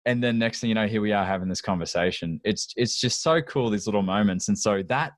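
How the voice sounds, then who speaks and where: A man's voice: fairly low pitch, fairly quick, no room sound, clean studio sound. A middle-aged man hosting a podcast, chatting with enthusiasm, laughing often and telling anecdotes. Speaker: podcast host. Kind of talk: casual interview chat.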